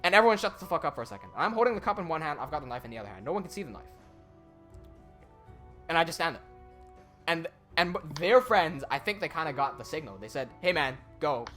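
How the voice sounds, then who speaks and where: Pria muda bercerita dengan sangat ekspresif. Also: male voice, fairly high pitch, soft background music. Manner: animated storytelling, swearing, quick asides. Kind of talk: casual chat.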